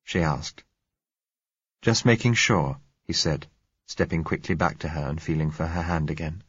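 Deep husky male audiobook narrator. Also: level tone, no room sound. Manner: measured, dramatic reading. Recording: dull, dry recording.

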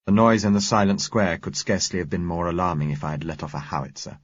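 Man, audiobook narrator, husky low voice, dry close sound, measured telling. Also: no echo. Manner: measured, even storytelling. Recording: dull, muffled recording.

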